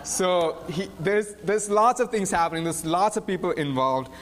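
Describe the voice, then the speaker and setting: A young man preaching in a casual, animated storytelling way, often saying "like" and "right?". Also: high voice, normal speed. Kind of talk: casual sermon retelling a Bible story.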